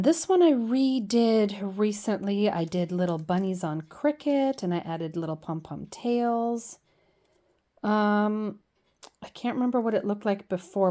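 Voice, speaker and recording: Warm and mid-range, this middle-aged woman's voice carries a chatty, gushing show-and-tell as she presents her scrapbook pages. She's a scrapbooking vlogger who keeps making self-deprecating jokes.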